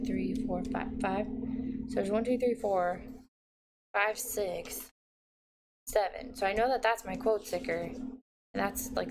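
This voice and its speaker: A woman in her thirties from the United States, narrating a casual planner session while she works, chatty and mildly sarcastic, talking to herself. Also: medium pitch. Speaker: planner vlogger. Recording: noisy home recording.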